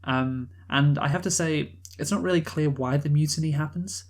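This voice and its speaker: A man's voice: fairly high pitch, normal speed. A man co-hosting a film review podcast, talking in a rambling, casual way with many fillers and restarts, swearing now and then. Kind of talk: casual chat.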